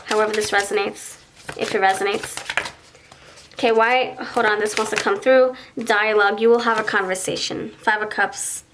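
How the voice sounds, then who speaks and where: Over some background noise, a woman with a medium-pitched voice reads tarot cards for her viewers in a pick-a-card format, speaking at normal speed in a steady tone. As she draws, she muses out loud, frequently breaking off and restarting sentences, and voices pretend conversations between partners.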